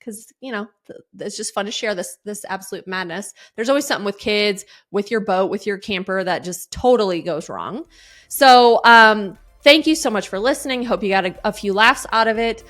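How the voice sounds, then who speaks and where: With a medium-pitched, somewhat bright voice at a moderate pace, this woman in her thirties or forties hosts a podcast. Her casual storytelling is chatty, peppered with fillers and laughter, and she voices what others said.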